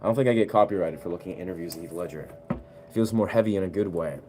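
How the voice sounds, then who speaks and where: A man's voice: low voice, fast, mellow, a little hiss or hum. A man chatting casually on a live stream as a musician, laid-back and rambling with slangy asides. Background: keyboard music he plays.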